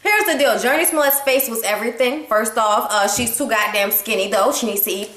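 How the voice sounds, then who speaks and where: A woman's voice: a little high, fairly quick. A woman giving a casual, blunt and profane movie review at home, chatting with a partner. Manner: blunt, profane, animated storytelling. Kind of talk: casual chat. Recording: echoey room.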